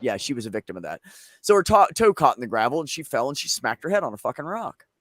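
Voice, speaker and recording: A man's voice: medium pitch, big pitch swings, quick pace, no echo. Profane storytelling male host, dry mic. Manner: profane, rambling anecdotes. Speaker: show host. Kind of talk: casual storytelling chat.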